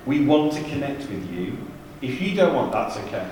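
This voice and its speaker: Male youth leader, mid-pitched, chatty and funny, telling anecdotes; heard from afar in a big reverberant church. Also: very animated, normal speed, a little mellow, slight background noise. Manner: chatty, humorous storytelling with asides. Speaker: youth ministry leader giving a seminar. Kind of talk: anecdotal church seminar talk. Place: large church hall. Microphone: distant from the mic. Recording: echoey church hall from far off.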